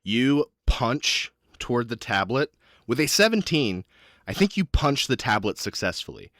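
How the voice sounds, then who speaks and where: A man running a tabletop role-playing game as game master, narrating in a quick, animated way. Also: medium pitch, dry recording, clean studio sound. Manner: animated, quick, swears casually.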